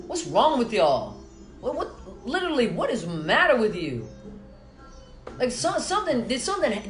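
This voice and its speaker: Woman musician going off, furious and swearing nonstop, kinda high voice, faint music playing behind. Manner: furious, profane and cutting. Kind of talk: angry direct-to-camera rant. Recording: roomy echo with faint music.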